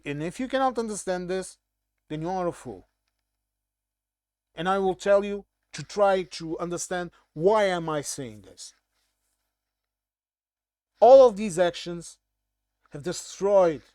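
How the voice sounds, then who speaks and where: Brief: Portuguese-accented man, blunt emphatic commentator, fairly high voice, dry close mic. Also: a little mellow, no echo. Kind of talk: casual monologue commentary.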